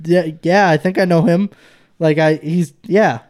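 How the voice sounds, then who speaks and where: A man's voice: on the high side, a little slow. A young man telling stories in a casual podcast chat, laughing often as he talks. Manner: laughing often, animated storytelling. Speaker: podcast host.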